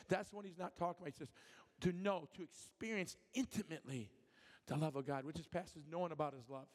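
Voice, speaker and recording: Fervent male preacher, high voice. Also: brisk. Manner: fervent, rousing, asks the congregation questions. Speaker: guest preacher. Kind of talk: sermon. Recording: long reverb of a hall.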